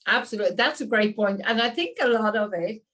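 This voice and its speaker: An Irish woman hosting an interview, enthusiastic and animated, often breaking into laughter. Her voice sits a little away from the microphone. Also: on the high side, fast, distant mic, poor audio. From Ireland. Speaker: interview host. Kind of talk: conversational interview.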